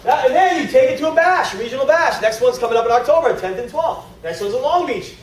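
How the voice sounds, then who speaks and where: High voiced guy hyping a training crowd, acting out stories, faint noise in the room. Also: quick pace. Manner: animated storytelling with acted-out voices. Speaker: network marketing trainer. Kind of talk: energetic seminar talk. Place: large meeting room. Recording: echoey hall from far off.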